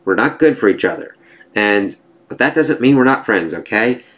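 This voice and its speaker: A man voicing an earnest, friendly young male superhero in quick, plain delivery. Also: lowish voice, animated, a bit bright.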